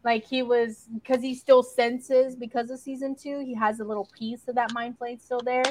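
A young woman chats through a series recap with a slightly high voice, swearing casually as she goes. The sound is close and dry, with no room echo. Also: moderate pace. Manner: chatty, swears casually, lively storytelling. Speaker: podcast co-host.

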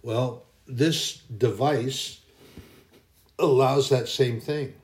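A man's voice: mid-range voice, fairly even intonation, very slow. Rambling man talking in a roomy space. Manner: rambling, anecdotal, with frequent self-corrections. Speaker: podcast host. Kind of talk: casual faith podcast monologue.

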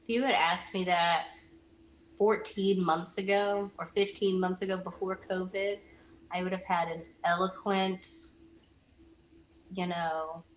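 A woman's voice: fairly low pitch, level tone, unhurried, long pauses, reverberant, a little hiss or hum. A young woman in a casual interview, talking earnestly about past mentors and often restarting her sentences. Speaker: interviewee, former student.

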